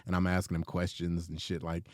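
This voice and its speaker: A man's voice: sits low, completely flat delivery, a little fast, darkish tone, no room sound, clean studio sound. A middle-aged comedian telling profane stories in casual podcast chat, acting out the people he quotes. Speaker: comedian guest.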